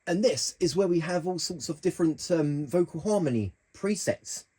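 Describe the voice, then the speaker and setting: A man's voice: a little high, lively intonation, normal speed, mellow, breathy edge. Chatty man walking through a keyboard. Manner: chatty, hesitant with fillers and restarts. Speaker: keyboard tutorial host. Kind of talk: casual tutorial walkthrough.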